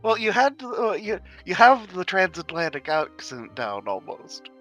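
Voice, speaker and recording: A man playing a tabletop game over voice chat, talking haltingly with many fillers and restarts. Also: high voice, big pitch swings, a bit bright, faint music behind.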